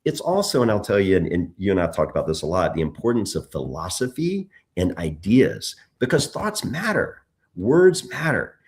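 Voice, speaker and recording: A man's voice: low voice, normal speed. A middle-aged man, a political candidate being interviewed, telling stories with lots of restarts and repeated words. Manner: animated storytelling, frequent restarts. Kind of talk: conversational interview.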